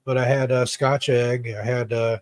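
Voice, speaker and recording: Medium-pitched and fairly monotone, this American guest talks at an ordinary speed with no echo in the recording. An author and YouTuber, he rambles through lengthy travel stories in casual conversation, stumbling and stammering whenever he starts over.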